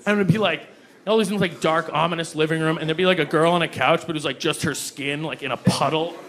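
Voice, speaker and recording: A young man doing a stand-up comedy set, animated and breaking into acted voices for the people in his stories. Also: quick pace. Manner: animated, jumps into high-pitched acted voices for quoted people. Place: comedy club stage before a live audience. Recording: live club recording with loud crowd and noise. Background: audience laughter.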